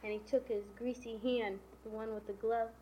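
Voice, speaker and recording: A woman's voice: on the high side, flat delivery, normal speed, warm tone. A woman casually retelling the plot of a novel, stringing events together with "and then" and "you know". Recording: dull lo-fi recording with faint hiss.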